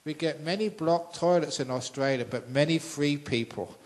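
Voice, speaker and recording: An older man with a British accent, a monk telling a story in a sermon, acting out characters with sudden loud outbursts. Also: on the high side, moderate pace, rough recording. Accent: British English. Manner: animated storyteller, acts out voices with loud outbursts. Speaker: monk giving a dharma talk. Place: large trade centre hall with an audience.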